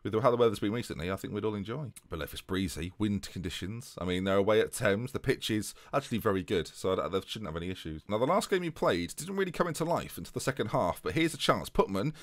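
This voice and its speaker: A man's voice: on the low side, animated, fast, hardly any pauses, no echo. A young man giving chatty, jokey play-by-play commentary on a football management game.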